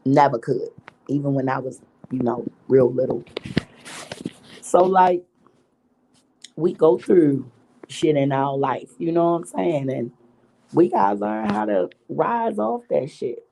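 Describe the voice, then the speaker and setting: Gravelly, profane middle-aged woman vlogger. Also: deep voice, takes it slowly, pauses often, dark tone. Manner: profane, emphatic, preachy. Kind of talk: candid storytelling monologue.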